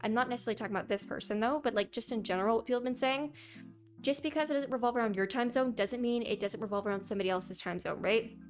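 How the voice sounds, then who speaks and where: A young woman giving her opinions in a casual commentary vlog, opinionated and quick to mock what commenters say. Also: fairly high pitch, soft background music. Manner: opinionated, reads out viewer comments in mocking voices. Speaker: gaming YouTuber.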